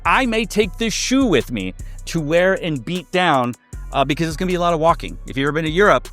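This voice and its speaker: A man's voice: fairly high pitch, expressive, a little fast, a bit bright, faint music behind. A man giving a casual sneaker review, chatty and loose, with many fillers and restarts.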